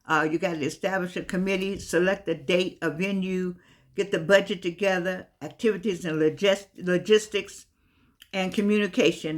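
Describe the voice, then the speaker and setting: In a vlog, a woman speaks at a normal pace in a voice on the low side. Her monologue is chatty and wandering, often returning to points she has already made, and a few words blur a little because she is missing teeth.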